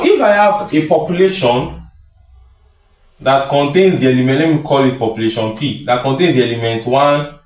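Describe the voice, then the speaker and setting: A man teaching statistics in a lecture style, repeating key phrases and answering his own questions. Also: on the high side. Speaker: statistics tutor. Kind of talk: classroom lecture. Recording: echoey room.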